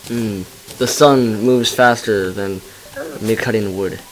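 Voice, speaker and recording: A man's voice: fairly low pitch, steady tone, slow, low-quality recording. A man chatting casually during a co-op video game session in a laid-back, dry way. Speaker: gamer playing with friends. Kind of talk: casual let's play chat.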